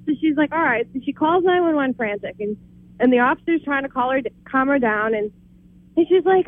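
A woman's voice: high-pitched, moderate pace, no echo. A woman calling into a radio show to tell jokes, giggling through them. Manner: giggly, laughs through her own jokes. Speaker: radio caller. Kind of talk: phone-in joke telling. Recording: tinny phone line.

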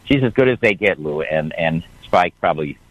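A man's voice: low-pitched, expressive, normal speed, no echo, low-quality recording. An older man calling in to a radio show, telling a rambling family story with chuckles. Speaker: caller, guest's father. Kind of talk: phone-in storytelling.

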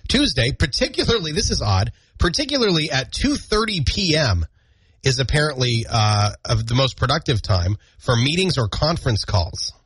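A man's voice: medium pitch, big pitch swings, normal speed, fairly bright tone, slightly rough, dry recording. A man hosting a morning radio show, joking and reading out listener comments in a studio. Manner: jokey, reads out listener comments. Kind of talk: casual radio banter.

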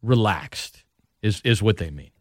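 A man, a radio sports host chatting loudly and lively at a studio microphone, laughing often. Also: on the low side, measured pace, no room sound. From Louisiana. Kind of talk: casual radio banter.

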